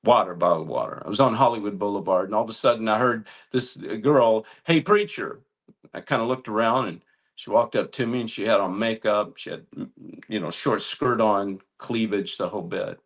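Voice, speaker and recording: A man preaching a sermon, telling a story earnestly with halting restarts and building to emphatic appeals. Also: lowish voice, fairly even intonation.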